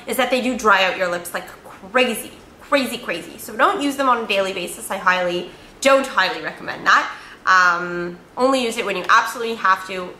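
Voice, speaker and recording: A woman's voice: mid-range voice, bright, forceful tone, reverberant, slight background noise. A woman beauty vlogger chatting casually through a product review, upbeat and full of fillers and repeated words.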